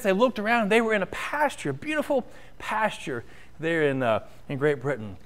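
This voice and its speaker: Male pastor, sermon storyteller, high and animated delivery, church sanctuary. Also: fairly quick. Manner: storytelling, rising and falling, ends in prayer.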